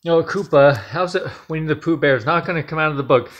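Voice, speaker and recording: A man's voice: a little high, quick pace, dull audio. A man casually reading a short scary bedtime story at home, joking and laughing along the way. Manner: playful, jokey, laughs often. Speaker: storyteller host.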